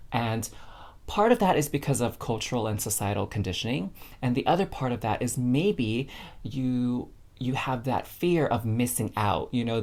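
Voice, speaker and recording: A woman giving a casual, chatty spiritual card reading to camera, bubbly and addressing viewers as fam. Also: a bass voice. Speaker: tarot card reader.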